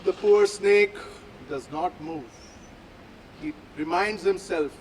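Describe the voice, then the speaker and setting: Slow, dramatic male storyteller. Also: high-pitched, slight background noise, poor audio. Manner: slow, deliberate, dramatic pauses. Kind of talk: live oral storytelling. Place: outdoor public plaza.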